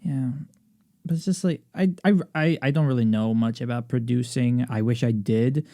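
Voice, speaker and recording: Halting young man with a mellow voice. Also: mid-range voice. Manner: halting, filler-heavy, giggly. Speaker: podcast co-host. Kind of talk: casual chat.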